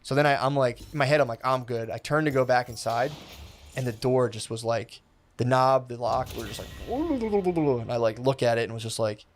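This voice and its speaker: A young man telling a long story in a loose, rambling way, full of filler words and swearing, acting out the people he quotes with sudden jumps in pitch. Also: normal speed, slight background noise. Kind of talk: casual storytelling.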